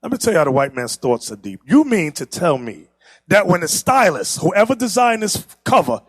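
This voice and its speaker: A man teaching a class from pictures, animated and teasing, who laughs often and talks straight to the room. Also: sits high, normal speed, husky, dry recording, studio quality. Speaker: class instructor. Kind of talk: lively classroom lecture with pictures.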